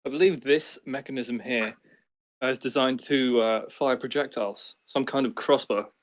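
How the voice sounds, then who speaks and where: A measured, wry construct adventurer, played by a man in a tabletop game. He speaks calmly at a middle pitch with a dry edge. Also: natural voice.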